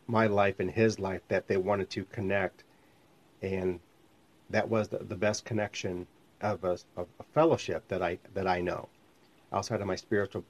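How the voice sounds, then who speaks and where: A man who is a minister and podcast host, teaching in a conversational, rambling way and often correcting himself. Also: deep voice. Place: home studio called the lab. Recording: slightly muffled lo-fi sound.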